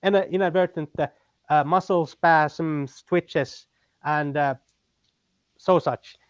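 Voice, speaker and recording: A man with a Finnish accent talking as a guest in casual chat, pausing often with fillers and restarts. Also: fairly high pitch, steady tone, smooth, no echo, dull audio. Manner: halting, many fillers and restarts.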